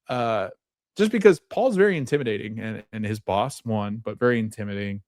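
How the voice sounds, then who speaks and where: A man's voice: fairly low pitch, normal speed, darkish tone, dry recording, studio quality. A man hosting a podcast, casually recapping a TV episode, with lots of fillers and frequent laughs as he retells scenes. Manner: chatty, many fillers, laughs often while retelling scenes. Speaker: podcast host.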